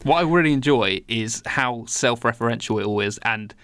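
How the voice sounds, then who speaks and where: A British man co-hosting a film podcast, agreeable and quick to laugh in casual chat. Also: mid-range voice, fairly bright tone, clear, resonant tone, no room sound, clean studio sound, faint music behind. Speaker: podcast co-host.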